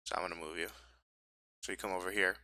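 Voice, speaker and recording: A man narrating as game master of a tabletop game, halting and full of fillers as he describes the scene. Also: sits low, steady tone, sharp tone, rough recording. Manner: halting, filler-heavy narration with self-corrections.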